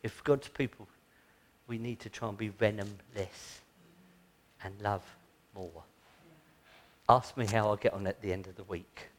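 A man's voice: on the low side, measured pace, long pauses. A man preaching an earnest, conversational sermon that moves into prayer. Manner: earnest, conversational, breaks into mocking asides.

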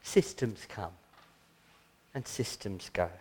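A man's voice: lowish voice, expressive, slow pace, mellow, breathy edge. A man preaching an earnest, conversational sermon that moves into prayer. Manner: earnest, conversational, breaks into mocking asides.

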